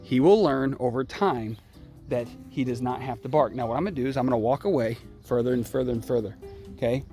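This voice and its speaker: A dog trainer, a man, talks through a training session outdoors beside a puppy pen. His voice sits at an ordinary middle pitch, and he keeps pausing to ask "okay?". Faint music plays behind him, and a puppy barks now and then. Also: warm tone. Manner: explains step by step, often adding a checking "okay?". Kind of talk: casual filmed training demonstration.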